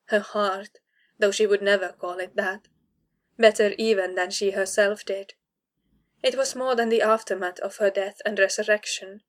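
A woman reading a fantasy novel aloud as narrator, in a measured, even storytelling manner. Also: mid-range voice. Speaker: audiobook narrator. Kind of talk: scripted narration.

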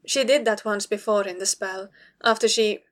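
A fierce young warrior woman, clipped and frantic, bites off each word as a woman reading a storybook puts her on. Her voice stays at an ordinary middle pitch but carries hard urgency. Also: steady tone, normal speed, natural voice. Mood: urgent.

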